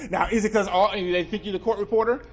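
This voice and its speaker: A male attorney telling a humorous story to an audience, with joking, animated asides. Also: high voice, a little hiss or hum. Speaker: attorney and speaker.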